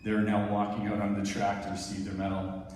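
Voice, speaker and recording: A man's voice: lowish voice, completely flat delivery, darkish tone, a little hiss or hum. Canadian man telling a story in an echoey hall. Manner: conversational storyteller, often cueing a helper to play or pause clips. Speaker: former Olympic sprinter giving a talk. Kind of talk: live talk narrating video clips. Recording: echoey hall from far off, faint ambience.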